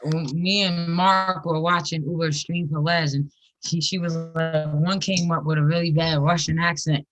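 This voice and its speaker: A man's voice: a little high, little pitch movement, lo-fi sound. A man hosting a live stream, teasing his guests and laughing often in casual group chat. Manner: brash, teasing, quick to laugh. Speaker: stream host.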